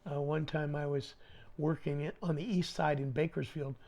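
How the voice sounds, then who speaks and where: Brief: middle-aged male guest, animated storyteller, slangy, slightly high voice. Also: moderate pace. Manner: animated, slangy, acts out dialogue. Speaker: podcast guest. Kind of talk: casual storytelling.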